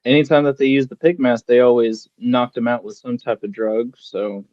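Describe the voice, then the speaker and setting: A man of middle pitch goes through a horror film's plot at an even, steady pace. His audio is a bit muffled and dry, with no room sound. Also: normal speed, dry recording. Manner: steady, recounting film plots. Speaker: podcast co-host. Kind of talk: casual horror film discussion.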